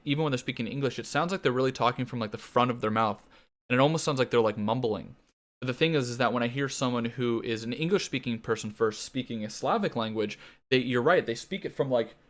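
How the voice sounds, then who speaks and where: A young man from Canada rambling and swearing freely while he streams a game. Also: mid-range voice. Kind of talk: casual gaming stream chat.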